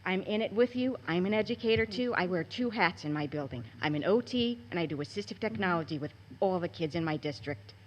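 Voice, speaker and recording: A woman's voice: fairly low pitch, expressive, a little fast, few pauses, low-quality recording. A woman in her forties, a parent and educator, giving an emotional, pleading public comment at a school board meeting.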